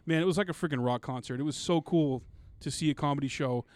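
Male co-host, excited and slangy, clear smooth tone, slightly high voice. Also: fast, dry recording. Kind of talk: casual chat.

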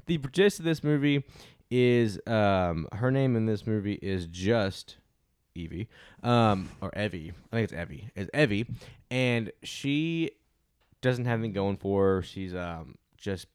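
Young man, low-pitched, rambling movie chat, dry close sound. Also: lively intonation, a little slow, darkish tone, clear, resonant tone, no echo. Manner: rambling, lots of fillers and restarts. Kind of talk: casual movie review chat.

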